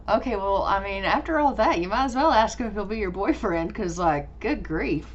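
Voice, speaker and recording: A woman with a mid-range, animated voice hosts a life-sim gameplay video at a moderate pace, chatting playfully and laughing as she voices the characters. The audio is dull and lo-fi, with faint noise.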